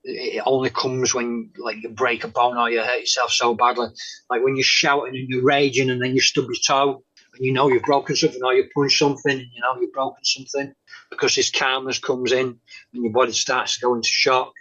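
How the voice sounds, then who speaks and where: Brit guy telling his story in an interview, lots of ums, trails off soft, tense bright voice, kinda muffled recording. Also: mid-range voice, level tone. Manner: halting, many pauses and "um"s, drops to soft tones. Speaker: guest sharing a faith testimony. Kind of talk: conversational interview testimony. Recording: dull lo-fi sound.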